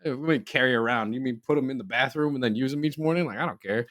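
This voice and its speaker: A young man chatting on a podcast, spinning a story in a relaxed, everyday voice. He keeps leaping up in pitch to act out the people he quotes, then drops back down to his normal tone. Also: very fast. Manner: animated, acts out quoted voices with jumps in pitch. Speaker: podcast co-host. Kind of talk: casual storytelling chat.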